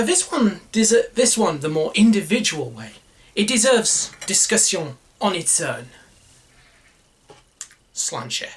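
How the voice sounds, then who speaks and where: A man vlogging casually over lunch at home, talking slowly with many pauses and fillers and chuckling often. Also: on the high side, fairly bright tone.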